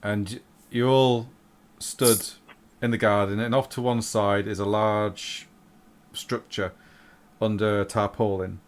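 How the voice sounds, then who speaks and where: A man's voice: on the low side, little pitch movement, slow pace. A man narrating a tabletop game as game master, hesitant, with many fillers.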